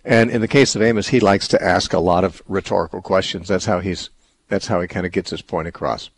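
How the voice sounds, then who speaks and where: A man hosting a radio call-in show, explaining a Bible passage in a thoughtful, halting way full of fillers and restarts. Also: low voice, fairly even intonation, a little hiss or hum.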